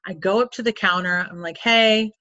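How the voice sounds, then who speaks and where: A woman's voice: on the low side, fast, sharp tone, no echo. A woman from Florida who works with clients, telling a personal story in a candid, chatty way full of asides. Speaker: coach or counselor. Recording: dull lo-fi sound.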